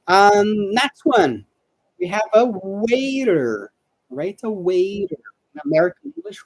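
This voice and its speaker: Female English teacher, patient, drills pronunciation slowly; husky voice, dry sound. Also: mid-range voice, very animated, a little mellow, no echo, rough recording. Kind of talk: live online English lesson.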